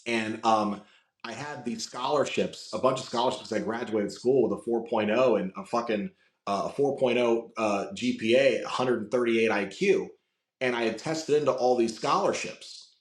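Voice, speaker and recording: A man's voice: medium pitch, normal speed. Podcast guest, male, from Florida, rambling anecdote style, mid-range voice, roomy recording. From Florida, USA. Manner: rambling, lots of "like" and restarts. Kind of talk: casual storytelling chat. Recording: roomy echo.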